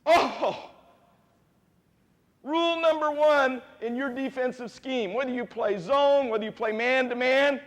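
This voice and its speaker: A man coaching a youth basketball clinic, quizzing the players and repeating key points with animated energy. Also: very high voice, in a large hall. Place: gym with players on court.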